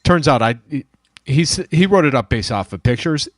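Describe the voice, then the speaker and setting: A man's voice: medium pitch, animated, normal speed, dry recording, clean studio sound. A man who runs a dent repair shop, telling a story in casual shop talk and acting out the dialogue. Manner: storytelling, acts out quoted dialogue. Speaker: dent repair shop owner, show host.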